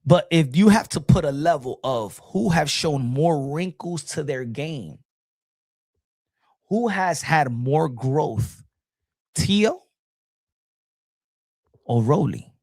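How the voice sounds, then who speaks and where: A middle-aged man hosting a casual boxing talk show, animated and repetitive, talking straight to his viewers in the chat. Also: on the high side, takes it slowly, long pauses, dry recording, studio quality. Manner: animated, repeats himself, addresses folks in the chat.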